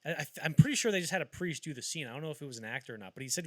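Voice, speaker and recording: A man hosting a casual podcast, swinging his pitch up and down as he tells film anecdotes and acts out the lines. His voice is close and dry, with no room sound behind it. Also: rapid-fire, hardly any pauses, dry recording. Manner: animated storyteller acting out quotes. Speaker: podcast host. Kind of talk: casual film-history chat.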